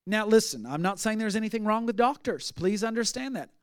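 A man's voice: high-pitched, animated, fairly quick, clean tone, no room sound, clean studio sound. A male pastor preaching a sermon, telling stories and acting out the people in them, then rising to emphatic declarations. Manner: storytelling, acting out quoted voices, rising to emphatic outbursts.

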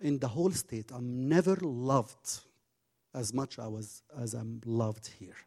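A man preaches a sermon and passionately tells a story, swinging between hushed tones and loud bursts in slightly broken English. His voice is mid-range and his pace measured.

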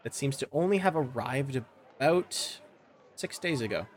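Relaxed man narrating as game master. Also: mid-range voice, moderate pace, slight background noise. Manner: relaxed, descriptive, with filler words. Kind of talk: narrating a tabletop game over a call.

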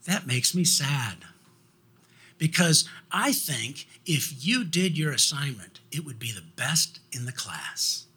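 A man voicing a kind woman schoolteacher who gently encourages a student. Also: fairly high pitch, very animated, slow, husky, full character voice. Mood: encouraging. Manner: gentle, coaxing.

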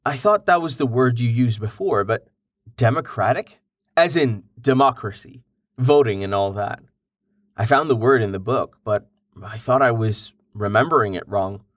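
A man's voice: medium pitch, lively intonation, moderate pace, dry recording, studio quality, natural voice. A man voicing a curious, impatient young man. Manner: inquisitive, exasperated questions.

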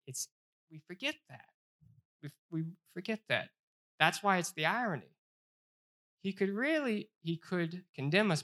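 Man, Bible study teacher, bright voice, earnest, repeats himself and slows down for scripture. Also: medium pitch. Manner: earnest, repeats phrases, stumbles and restarts; reads scripture aloud with slow emphasis.

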